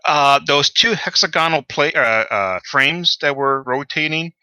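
A man narrating as game master in a tabletop game, halting with many fillers. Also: on the high side, sharp tone, clear, resonant tone, dry recording, low-quality recording.

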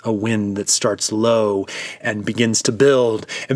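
A man's voice: lowish voice, fairly even intonation, slow, no room sound. A man, a preacher, leading listeners through a vivid, immersive devotional retelling of a story.

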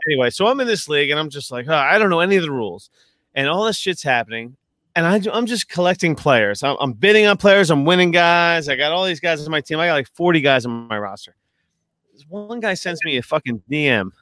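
Excitable, profane man telling a story. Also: fairly high pitch, brisk, no echo. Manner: excitable storyteller, swears a lot, trails off. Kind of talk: casual chat. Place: at home.

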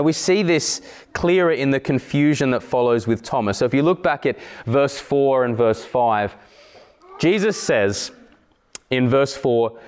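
A man preaching a sermon in a church, earnest, slowing down on emphatic phrases. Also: mid-range voice. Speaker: pastor.

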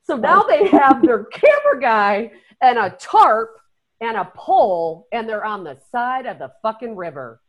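A woman hosting a casual chat, telling lively stories, swearing and laughing often while she acts out what people said. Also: a little high, unhurried. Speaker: podcast host. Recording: dull lo-fi sound.

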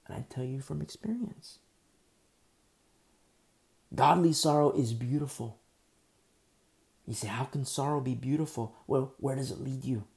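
A male pastor delivers a sermon, and his voice has a gravelly edge with a dark, mellow tone. He drives his points home through runs of emphatic rhetorical questions. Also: mid-range voice.

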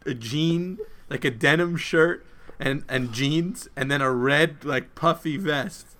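Bright, slightly high-voiced man teasing dryly. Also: slow pace. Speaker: priest and podcast co-host. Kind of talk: casual chat.

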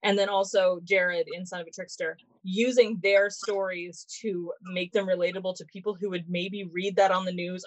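A woman's voice: fairly low pitch, fairly even intonation, moderate pace, few pauses, lo-fi sound. A woman speaking as a guest in a discussion, thoughtful and full of likes and ums. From Canada. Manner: thoughtful, with many "like" and "um" fillers. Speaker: guest panelist. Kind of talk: casual discussion.

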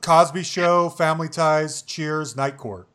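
A man's voice: a little high, measured pace, background noise. A man in his forties hosting a podcast, chatting in a rambling way and laughing easily. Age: 40s. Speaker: podcast host. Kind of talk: casual chat.

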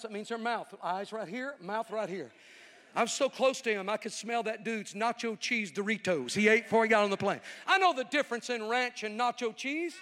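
A male evangelist preaching a sermon with animated, folksy, joking storytelling to a live audience. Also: high voice. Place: large hall with audience. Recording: reverberant hall.

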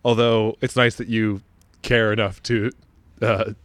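A man's voice: fairly low pitch, level tone, unhurried, dry recording. A man hosting a casual podcast chat, joking and laughing often.

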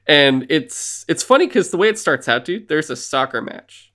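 A man co-hosting a casual podcast, excitedly rambling through a recap with swearing and lots of fillers. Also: mid-range voice, measured pace, hardly any pauses, smooth. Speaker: podcast co-host.

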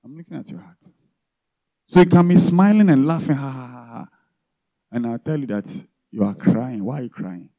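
A man's voice: mid-range voice, animated, brisk, dark tone. A man preaching a sermon as pastor, often checking in with the congregation through rhetorical questions.

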